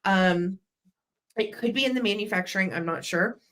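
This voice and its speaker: A woman's voice: medium pitch, normal speed, a bit bright. A woman hosting a live vintage sale, chatty and gushing, with an allergy cough. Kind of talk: live auction selling chat.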